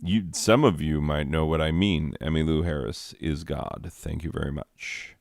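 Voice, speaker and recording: Deadpan gravelly man rambling at home. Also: extremely low pitch, normal speed, dry recording, studio quality. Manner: deadpan and self-mocking, easily sidetracked. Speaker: comedy advice host reading letters. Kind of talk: rambling comedic monologue. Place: at home with a cat nearby.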